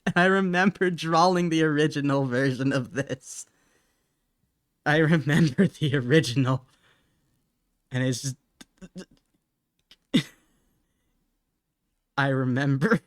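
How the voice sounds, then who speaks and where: A man's voice: on the high side, takes it slowly, long pauses, no echo, studio quality. A young man chatting casually on a live stream while he draws, laughing often and apologizing in a self-mocking way.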